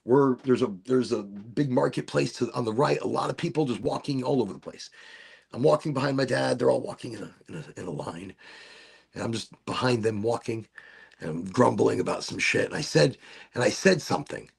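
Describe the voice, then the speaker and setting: A man's voice: mid-range voice, lively intonation, a little fast, gravelly, breathy edge. A man hosting a casual podcast chat, telling rambling stories and swearing freely. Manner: rambling, swears a lot, repeats himself. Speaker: podcast host.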